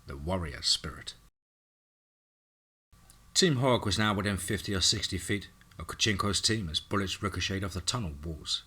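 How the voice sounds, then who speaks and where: A man's voice: low voice, bright, forceful tone, breathy edge. A man narrating a scripted action horror story in a dramatic reading.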